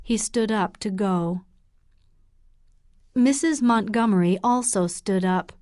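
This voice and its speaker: Woman reading a learner audiobook, super slow and clear, dry close sound. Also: mid-range voice, darkish tone, no room sound. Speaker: audiobook narrator. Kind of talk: scripted narration for English learners.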